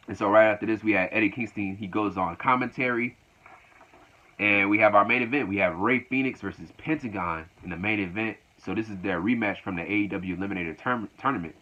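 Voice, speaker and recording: Man, low voice, casual show recap, loose repetitive telling, dull lo-fi recording. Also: brisk, sharp tone. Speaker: wrestling show reviewer.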